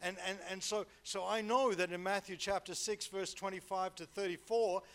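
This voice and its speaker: High-voiced preacher. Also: male voice, a bit bright. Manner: conversational, repeats words and asks 'right?' often. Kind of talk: sermon.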